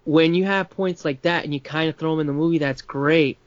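A man's voice: on the high side, steady tone, a little fast, dry recording, highs cut off. A man in casual film talk, rambling with many restarts and fillers.

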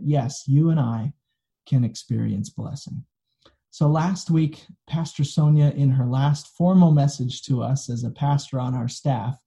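Gravelly, dark-voiced man preaching. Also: fairly high pitch. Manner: conversational, folksy storytelling. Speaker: pastor. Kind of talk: sermon. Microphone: recorded for online video.

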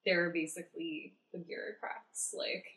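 A woman in a casual chat about a film, adding points and agreeing in a relaxed, chatty way. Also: lowish voice, a little slow, rough recording. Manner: chatty, agreeing, adds points with many fillers.

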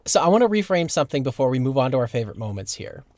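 A man's voice: medium pitch, very animated, racing, a little mellow, no echo. A man co-hosting a podcast, earnestly laying out a counterargument in casual chat. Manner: earnest, argues his point at length. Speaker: podcast co-host.

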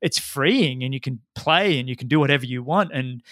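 An Australian man in his forties hosting a podcast interview, chatty and quick to laugh. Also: mid-range voice, lively intonation, no room sound, studio quality. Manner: chatty, laughs often, mimics shouts when retelling. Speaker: podcast host. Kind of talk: conversational interview.

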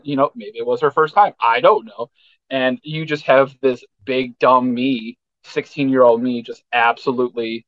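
A man's voice: mid-range voice, a bit bright, dry recording, lo-fi sound. A young man rambling in a hesitant, self-mocking way during a casual podcast chat.

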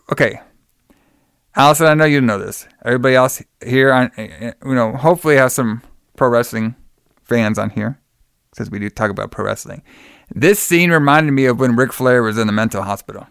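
A man casually recapping a film for his podcast audience, rambling and dropping swear words, laughing as he acts out the characters' lines. His voice is smooth and clear, at an ordinary pitch. The recording is dry and close. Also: a bit bright, dry recording.

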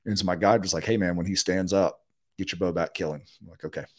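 A middle-aged man, a guest in a podcast interview, telling a long story in a casual, animated way and acting out what other people said. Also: low voice, fast talker. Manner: animated, acts out quotes of others.

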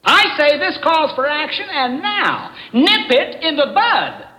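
An actor playing an excitable man who insists on quick action and repeats the same phrase, heard as an archive clip remixed with music. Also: very high-pitched, roomy sound, exaggerated voice, low-quality recording. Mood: insistent.

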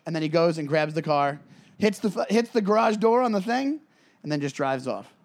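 Man, podcast co-host, casual comedic chat, animated, high voice, acts out bits. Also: fairly quick. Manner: animated, acts out scenes with voices, many fillers.

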